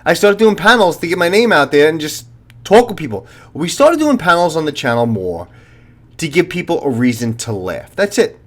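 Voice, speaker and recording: A man's voice: fairly high pitch, sing-song, normal speed, a bit bright. A retired police officer in his fifties, a channel host talking to viewers in a blunt, profane, lecturing monologue.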